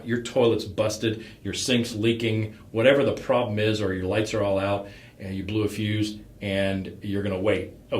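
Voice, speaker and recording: A man giving a relaxed, rambling critique of a startup pitch as a coach. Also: roomy sound. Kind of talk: conversational critique.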